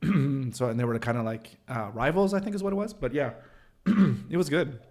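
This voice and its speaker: A man's voice: medium pitch, moderate pace, darkish tone. A man hosting a livestream, chatting casually with viewers in a rambling, joking way full of fillers and restarts. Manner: joking, self-deprecating. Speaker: livestream host.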